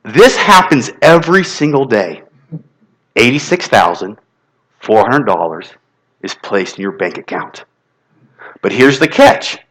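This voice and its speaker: A man giving an inspirational talk to a congregation at a spiritual center, telling animated stories and leading call-and-response. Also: medium pitch, a little slow, pauses often, low-quality recording. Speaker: guest motivational speaker.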